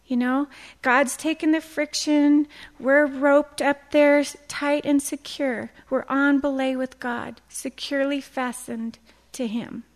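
Middle-aged lady teaching a bible talk, high voice, really earnest, acts out little quotes. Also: slow pace. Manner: earnest, animated storytelling with acted quotes. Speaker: women's Bible study teacher.

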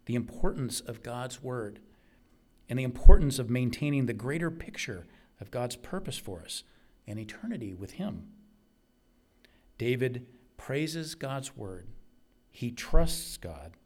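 Man, preacher, sermon, slow deliberate delivery, earnest, repeats phrases for emphasis. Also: medium pitch, animated, a little mellow.

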